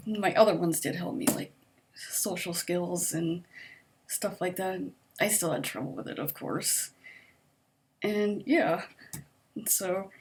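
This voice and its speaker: A young adult woman vlogging, telling a personal story in a chatty way with laughs, sighs and sudden high-pitched outbursts of disbelief.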